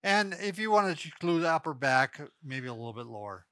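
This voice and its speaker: An older man chats about back pain with a slight slur in his words and a dry, joking edge. His voice is bright and forceful, a little high, and recorded close and dry. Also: big pitch swings, a little fast, dry recording. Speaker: physical therapist co-host. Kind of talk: casual instructional chat.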